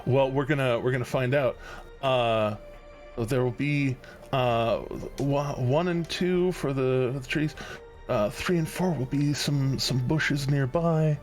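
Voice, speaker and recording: A man running an online tabletop game as game master, talking in a relaxed, rambling way with many fillers and restarts. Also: medium pitch, slow, faint music behind.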